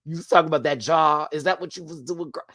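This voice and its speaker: A man giving a sassy, animated live video review of a drag competition show, laughing often as he talks. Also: fairly high pitch, fast, dry recording, studio quality.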